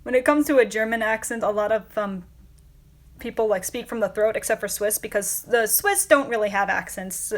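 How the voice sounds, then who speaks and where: A woman's voice: mid-range voice, normal speed. A woman hosting a casual livestream, chatting with viewers in a rambling way with many fillers and frequent laughs. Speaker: livestream host.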